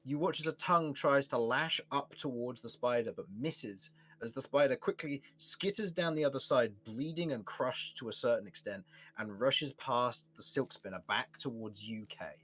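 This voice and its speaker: Relaxed young man running a tabletop game. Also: medium pitch, normal speed. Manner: relaxed, laughs often, restarts sentences. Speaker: game master.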